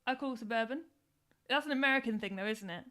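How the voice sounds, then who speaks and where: Woman, casual live-stream co-host, playful, chatty, quick interjections, slightly high voice. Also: fairly bright tone.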